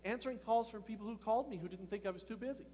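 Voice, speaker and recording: A male pastor preaching a sermon in a lively, conversational way, asking the congregation questions and laughing as he goes. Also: high voice, rapid-fire, big-room sound. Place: church hall.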